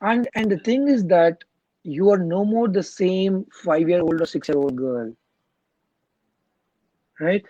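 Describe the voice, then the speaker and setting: A man's voice: high voice, slow, pauses often, dark tone, no echo, lo-fi sound. A man, a hypnotherapist being interviewed, explaining earnestly and checking in with "you know" and "right?" as he goes. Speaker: clinical hypnotherapist guest.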